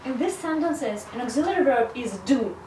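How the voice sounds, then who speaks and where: High-voiced woman teaching in an echoey room. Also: expressive, darkish tone, a little hiss or hum. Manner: slow, careful explanation with frequent "so". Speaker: English teacher. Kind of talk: video grammar lesson. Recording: echoey room, mic at a distance.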